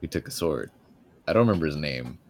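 A man's voice: a bass voice, expressive, fast talker, slight background noise. A young man casually recapping an anime episode, laughing often and acting out the characters' lines.

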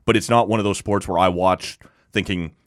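A man hosting a relaxed interview, telling stories easily and laughing often, with tag questions like "right?". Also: low-pitched, brisk, dry recording, studio quality. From Canada. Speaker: podcast host. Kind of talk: casual conversational interview.

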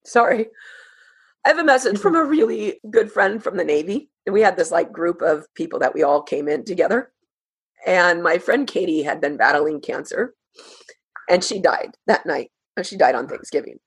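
Woman in her thirties, low voice, halting, emotional, personal story. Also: lively intonation, slightly rough. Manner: halting, emotional, many fillers. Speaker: guest sharing her story.

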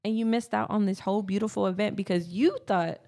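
A woman's voice: mid-range voice, fairly even intonation, quick pace, gravelly, darkish tone. A woman co-hosting a casual spiritual podcast, telling personal stories earnestly and repeating phrases for emphasis. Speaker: podcast co-host.

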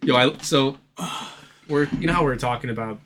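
Guy hosting a horror podcast, bright voice, swears a lot, rambly, faint hiss behind. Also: medium pitch, brisk. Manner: crude, rambling, laughs easily. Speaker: podcast host. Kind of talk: casual podcast chat.

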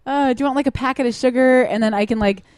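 A woman's voice: high voice, fast talker, darkish tone, clean tone, no echo, studio quality. A woman hosting a podcast in casual, joking chat, laughing often and trailing off mid-thought. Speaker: podcast host.

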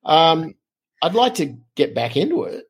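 A middle-aged man, a podcast guest telling lively anecdotes in casual conversation. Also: fairly high pitch, measured pace, breathy edge. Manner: animated, lively anecdotes with frequent fillers. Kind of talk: casual storytelling.

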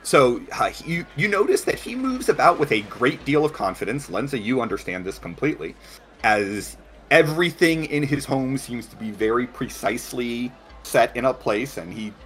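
A man narrating a tabletop game as game master, halting and full of fillers. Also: medium pitch, fairly bright tone.

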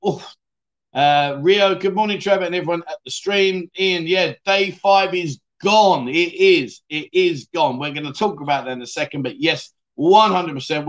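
A man's voice: on the high side, fairly bright tone. A middle-aged man hosting a casual livestream, chatty and matey as he rambles and reads out viewer comments. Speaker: livestream host.

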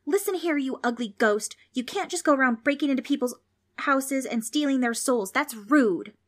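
A woman's voice: medium pitch, animated, slow. A woman voicing a feisty, defiant young girl who talks back in a snappy, sassy way.

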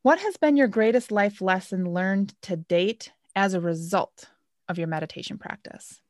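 A woman's voice: mid-range voice, normal speed, a little mellow, dry recording, clean studio sound. A woman hosting a podcast interview, speaking in a reflective way with many fillers. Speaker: podcast host. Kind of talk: conversational interview.

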